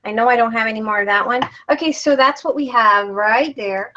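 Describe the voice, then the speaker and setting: A woman's voice: fairly high pitch, brisk, pushed and bright, lo-fi sound. A woman hosting a live craft demonstration, chatting casually as she explains each step. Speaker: craft tutorial host.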